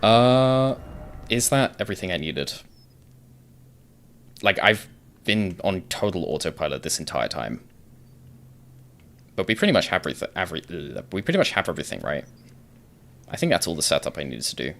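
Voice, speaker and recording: A man's voice: low voice, big pitch swings, moderate pace, creaky, long pauses, a bit bright. A young British man chatting casually on a live stream while gaming, thinking aloud, answering chat and swearing now and then. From Britain.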